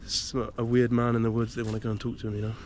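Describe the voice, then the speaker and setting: Racing through his words in a monotone, mid-range voice, a British solo wild camper half-whispers to camera in a woodland. He casually explains his gear step by step, with slight background noise in the recording.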